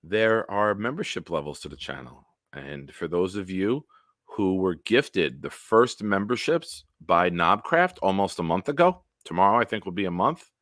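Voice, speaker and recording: A man hosting a casual solo livestream, telling stories in a rambling, animated way with big swings in loudness. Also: low voice, normal speed, dry recording, clean studio sound. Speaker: livestream host.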